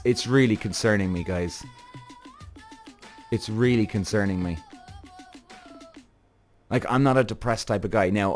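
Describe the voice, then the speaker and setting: A man hosting a podcast in a casual monologue, animated, swearing freely and acting out his own thoughts. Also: lowish voice. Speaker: podcast host.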